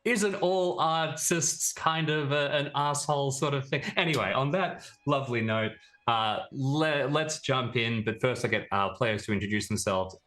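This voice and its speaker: A man's voice: medium pitch, normal speed, a bit bright. Man, game master, chatty, stumbles over words, laughs easily, casual online call. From Australia. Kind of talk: casual chat introducing a tabletop game.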